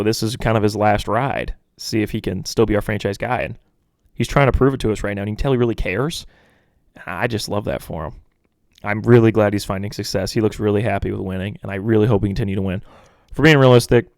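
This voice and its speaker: A young man hosting a casual solo sports podcast, rambling and animated, sometimes mocking pundits in impressions. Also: on the low side, no echo, studio quality. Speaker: podcast host.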